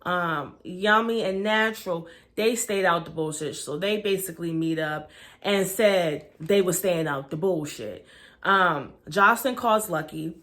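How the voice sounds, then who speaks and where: A woman's voice: on the low side, measured pace, a bit bright. A woman recapping a reality show in a chatty, gossipy, profane way, filming herself at home on a camera. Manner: chatty, gossipy, profane, lots of "you know". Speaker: TV show reviewer. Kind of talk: casual recap vlog. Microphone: camera mic.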